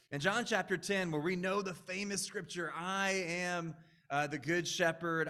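A pastor preaching in an easygoing, earnest way, often restarting his sentences. His voice sits a bit high for a man and sounds bright and forceful. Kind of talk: sermon.

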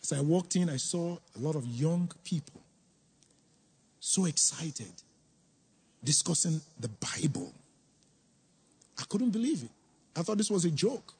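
A man's voice: fairly high pitch, very animated, unhurried, pauses often, a little mellow, husky. A middle-aged man telling his personal testimony to a congregation, earnest and reflective, repeating words for emphasis. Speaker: church member giving testimony.

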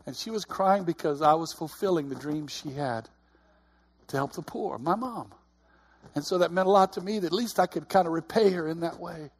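Husky-voiced man preaching. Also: a little high, moderate pace. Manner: earnest, conversational, repeats words often. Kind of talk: sermon.

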